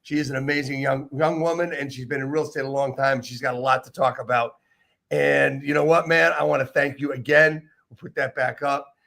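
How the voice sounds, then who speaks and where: A man's voice: medium pitch, steady tone, brisk, gravelly, sharp tone. A man hosting an interview show, talking in an enthusiastic, rambling way with many restarts. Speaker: podcast host. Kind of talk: casual interview chat.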